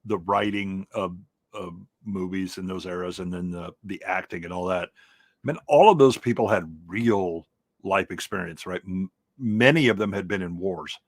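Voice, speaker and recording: A man with a low baritone voice talks loosely on a live riff panel. He circles his point with fillers and restarts. The sound is close and dry. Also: moderate pace, no echo. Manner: rambling, many restarts and fillers. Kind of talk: casual panel chat.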